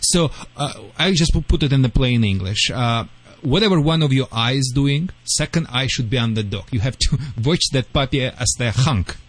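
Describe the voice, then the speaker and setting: A man with a Russian accent, a dog trainer on a call-in radio show, giving lively advice in slightly broken English. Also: mid-range voice, moderate pace, few pauses, rough recording. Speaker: dog trainer answering callers.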